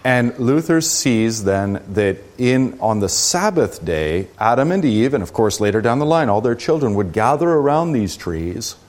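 A man's voice: mid-range voice, very animated, measured pace, hardly any pauses, a little mellow. A man teaching as a Lutheran pastor, talking through a book in a conversational, earnest way with emphatic rises on key words.

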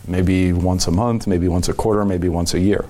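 A man's voice: deep voice, steady tone, moderate pace, warm tone. A man, a pastor giving long, thoughtful answers in a casual podcast chat, with frequent chuckles. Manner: thoughtful, rambling, chuckling often.

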